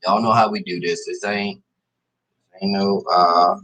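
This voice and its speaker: A man's voice: deep voice, fairly even intonation, unhurried, pushed and bright, rough recording. A man hosting a casual livestream, chatting loosely with viewers and calling them "y'all". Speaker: host of a live stream show.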